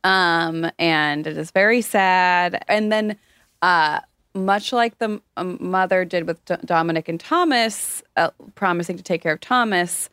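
A woman's voice: lowish voice, a little slow, a bit bright, clear, resonant tone, no echo. A woman casually summing up a novel's plot in a chat with friends, slipping into mocking voices for the characters.

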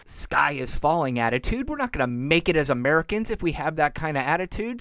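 A man's voice: on the high side, big pitch swings, a little fast, hardly any pauses, fairly bright tone, no room sound, clean studio sound. A man hosting his own show, giving exasperated, sarcastic commentary and mocking the people he talks about. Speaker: podcast host. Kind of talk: opinionated solo commentary.

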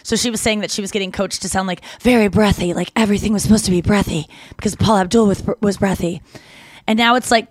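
A Canadian woman co-hosting a podcast, telling stories in casual chat with lots of "like" and quick self-corrections. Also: on the high side, no echo. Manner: chatty storytelling, heavy use of "like", quick self-corrections. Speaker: podcast co-host.

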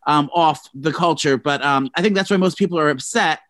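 A man co-hosting a casual celebrity gossip podcast, animated and profane, breaking into mocking impressions. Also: on the high side, fairly quick. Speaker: podcast co-host.

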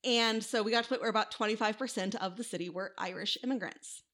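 Chatting her way through history on a podcast she co-hosts, this woman from the American Midwest speaks fast in a slightly bright, mid-range voice. She drops in wry asides along the way.

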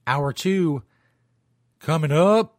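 A man's voice: a little high, drawn-out words, noisy background. A man hosting a talk radio show, rambling loosely and swearing as he comments. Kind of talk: casual talk radio monologue.

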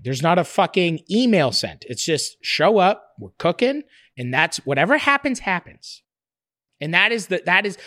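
A man's voice: fairly high pitch, no echo, studio quality. A man talking in a casual interview, rambling and profane, with frequent restarts and laughter in his stories. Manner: animated, laughs while telling stories. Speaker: interview guest, cooking show creator.

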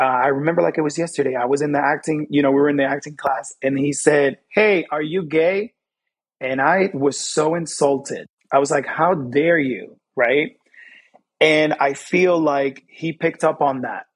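A young adult man from Fort Lauderdale, telling personal stories as an interview guest in quick, animated bursts. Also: a little high, husky. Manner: animated, quick bursts, acts out quoted voices. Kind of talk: candid personal storytelling.

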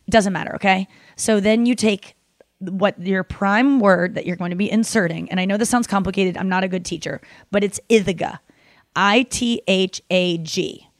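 A woman's voice: medium pitch, dry recording. Rambling woman host with dry sound. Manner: rambling, swears casually, explains with many fillers. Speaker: podcast host. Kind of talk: casual chat.

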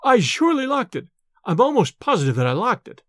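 A jittery young student, as a male storyteller puts him on, pitched up and stammering through hurried excuses. The reading is close and dry. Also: sing-song, no room sound. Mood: nervous, evasive.

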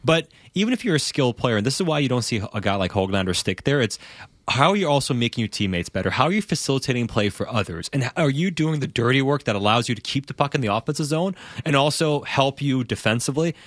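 A man's voice: mid-range voice, lively intonation, quick pace, fairly bright tone, no room sound, clean studio sound. A man hosting a sports talk podcast, laying out his analysis with rhetorical questions. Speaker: podcast host.

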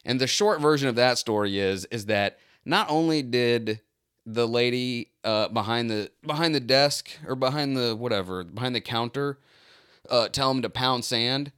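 A man tells a story from his own life in a loose, casual way, often poking fun at himself. His voice sits at an ordinary middle pitch. The sound is dry and close, with no room echo. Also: measured pace, clear, resonant tone. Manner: animated, self-mocking, acts out quoted lines. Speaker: pool cleaner.

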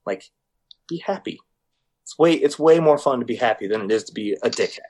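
A man's voice: mid-range voice, animated, fast, darkish tone. A young man co-hosting a podcast, telling stories in casual chat, swearing freely and acting out the people he quotes. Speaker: podcast co-host.

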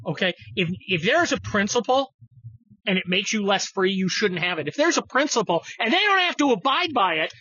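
Profane, lively-voiced male podcast host. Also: high-pitched, moderate pace, slightly rough, no room sound, dull audio. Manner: profane, mocking, jumps between topics. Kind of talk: casual ranting chat.

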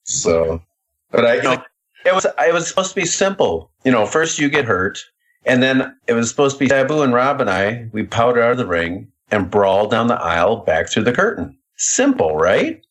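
A man's voice: mid-range voice, big pitch swings, normal speed, a bit bright. A man, a podcast guest, telling a story in a casual, wry way and building to each punchline. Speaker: guest, former wrestler.

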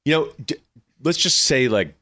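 A man in his forties, a guest chef talking in a relaxed, rambling way in a casual interview. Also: mid-range voice, moderate pace, dry recording.

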